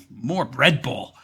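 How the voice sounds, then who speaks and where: A man's voice: medium pitch, pushed and bright, husky. Sneering man mocking a debate. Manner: sarcastic, taunting, laughs often. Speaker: reaction commentator. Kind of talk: mocking reaction commentary.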